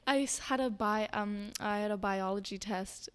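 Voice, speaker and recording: A teenage girl chatting as a podcast guest, telling stories in a lively way with many fillers. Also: medium pitch, moderate pace, clear, resonant tone. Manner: chatty storytelling full of "like" fillers. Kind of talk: casual chat.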